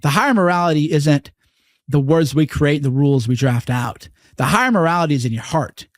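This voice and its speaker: Interview guest, male, earnest and blunt, curses freely, slightly high voice, dry studio sound. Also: expressive, fairly quick, no room sound. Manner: earnest, profane, mimics voices in quotes. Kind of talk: candid interview conversation.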